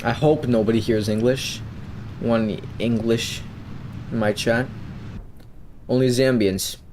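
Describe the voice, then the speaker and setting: A young man giving rambling, playful gameplay commentary, with bursts of excitement when things go his way. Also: medium pitch, takes it slowly, noisy background. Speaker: gamer.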